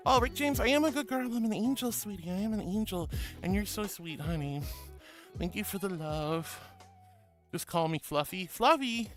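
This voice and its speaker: A woman's voice: mid-range voice, normal speed. A woman streamer in casual live chat, sweetly gushing as she reads out chat messages and greets viewers. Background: music.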